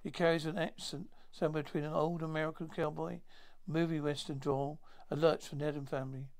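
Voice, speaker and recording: A man retelling a science fiction episode aloud in a halting way, with many restarts and self-corrections. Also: a little high, level tone. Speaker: storyteller.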